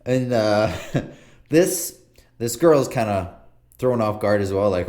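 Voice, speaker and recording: A man narrating as game master in a tabletop game, relaxed and rambling with plenty of fillers. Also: fairly low pitch, slow.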